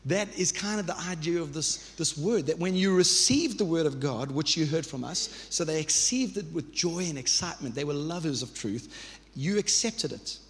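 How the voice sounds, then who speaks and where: A man's voice: fairly high pitch, expressive, normal speed. A man in his thirties preaching a sermon as pastor, earnest and conversational, with restarts and repeated phrases. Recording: reverberant church hall.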